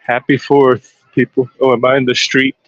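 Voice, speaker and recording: A man's voice: mid-range voice, moderate pace, dry recording, muffled recording. Chatty man at a street parade. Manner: chatty, excitable, talks to listeners. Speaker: live stream panelist. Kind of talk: casual live-streamed commentary from a parade.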